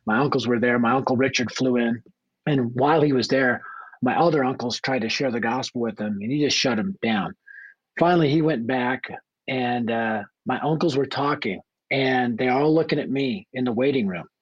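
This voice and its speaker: A man from Denver recounts his testimony as a radio guest in a mid-pitched voice. His delivery is animated and plainspoken, coming right at the point. The sound is close and dry. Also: moderate pace, husky, dry recording, highs cut off. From Denver, United States. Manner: animated storyteller, blunt and plainspoken. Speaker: guest, author and evangelist. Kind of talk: storytelling testimony on a radio interview.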